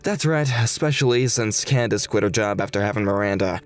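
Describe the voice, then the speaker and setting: A man's voice: lowish voice, a little fast, soft background music, lightly acted. A man in his thirties playing a married father who asks his mother for money, talking in a hesitant, defensive way with stammers, in a scripted text-message drama. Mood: pleading. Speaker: son.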